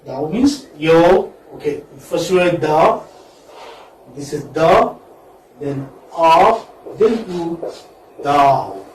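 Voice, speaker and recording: A man's voice: on the high side, expressive, extremely slow, long pauses. A man with an Indian English accent lecturing a class of students, repeating words and prompting them with questioning hums. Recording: echoey classroom, distant mic.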